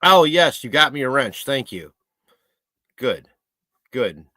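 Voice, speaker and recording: A man's voice: medium pitch, animated, slow, sharp tone, dry recording. Rambling, joking man live-streaming. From Michigan, USA. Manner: rambling, joking, talks to his pet. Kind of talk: casual live-stream chat reading comments.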